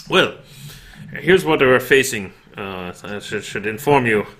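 A man voicing a formal, pompous male Templar knight who speaks haltingly and repeats his words. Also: medium pitch, animated, a bit bright. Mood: solemn.

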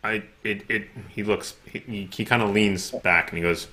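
A man's voice: lowish voice, fairly even intonation, moderate pace, bright, forceful tone. A man narrating as game master of a tabletop role-playing game, hesitant, with many restarts.

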